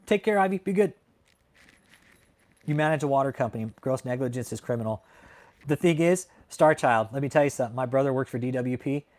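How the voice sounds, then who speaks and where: This livestream host is a Californian broadcasting a laid-back chat from his Texas home. His voice sits at a medium pitch with a somewhat dark tone, and his delivery is fiery, profane, and forceful, with frequent tacked-on "man"s.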